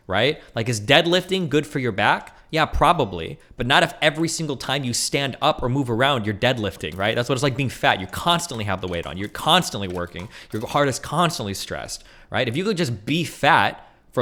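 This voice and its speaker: A man commentating casually on a livestream, arguing heatedly and swearing, with quick mock voices of others. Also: mid-range voice, bright, forceful tone. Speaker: streamer reacting to a debate.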